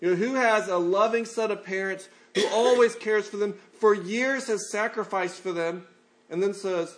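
High-voiced male preacher. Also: moderate pace. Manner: conversational, acts out the people in his stories. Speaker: pastor. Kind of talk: sermon.

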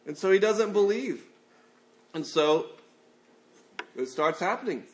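High-voiced male preacher. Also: animated, unhurried. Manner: conversational, acts out the people in his stories. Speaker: pastor. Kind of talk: sermon.

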